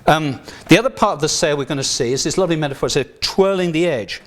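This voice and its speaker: A man's voice: on the high side, fast talker. An older British man giving an academic lecture in a talk room, conversational, with frequent asides and restarts. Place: lecture hall.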